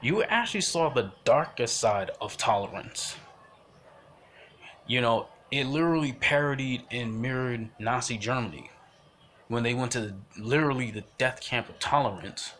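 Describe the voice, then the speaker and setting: A young man talks through his opinions in a loose, emphatic ramble, circling back and restarting his sentences. His tone is bright and forceful, and a faint hiss sits under the recording. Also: mid-range voice, animated, normal speed. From United States. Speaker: vlogger giving commentary. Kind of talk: casual spoken commentary.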